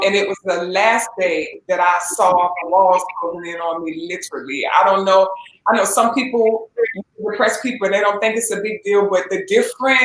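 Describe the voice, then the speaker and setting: A woman giving a halting, emotional personal testimony as an interview guest, with many fillers and restarts. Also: mid-range voice, fairly bright tone. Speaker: interview guest, gospel singer. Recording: echoey room with faint ambience.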